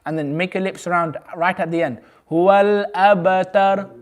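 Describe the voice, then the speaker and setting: A man teaching a community class, patiently drawing out each word slowly, then explaining in quick bursts. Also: a little high, fairly even intonation, fairly bright tone. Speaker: Quran recitation teacher. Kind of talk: hands-on group lesson.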